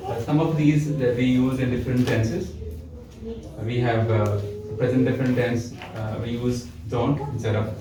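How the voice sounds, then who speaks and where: A man's voice: medium pitch, fairly even intonation, normal speed, crowd noise. A male teacher giving a classroom lecture, acting out example tones of voice and quizzing his students. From Pakistan. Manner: demonstrative, acts out example tones, asks class questions. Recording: echoey classroom from far off.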